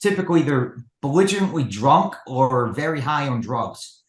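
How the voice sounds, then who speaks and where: A man's voice: mid-range voice, big pitch swings, normal speed. A man speaking as a guest in a casual interview, hesitant, with many ums and restarts. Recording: echoey room.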